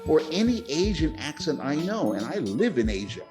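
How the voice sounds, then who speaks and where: A man chatting casually as a podcast host, rambling and excitable with many restarts. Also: a little high, moderate pace, over music. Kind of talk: casual chat. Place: lives in Japan.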